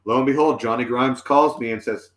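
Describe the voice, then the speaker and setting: A man's voice: mid-range voice, brisk, a bit bright. Man, forties, musician guest, rambling with restarts, roomy echoey recording. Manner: rambling, many fillers and restarts. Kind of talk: casual storytelling chat.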